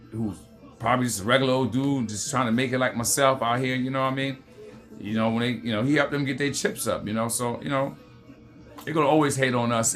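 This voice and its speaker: A man's voice: medium pitch, pushed and bright. A man from the United States hosting a heated political commentary rant, swearing often and repeating "you know what I mean". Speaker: commentary host.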